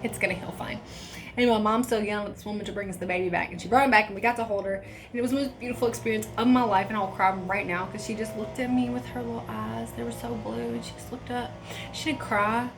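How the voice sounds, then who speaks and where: A woman's voice: fairly high pitch, fast, gravelly, music in the background. Young woman telling a story casually. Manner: animated, profane, laughing asides. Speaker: vlogger.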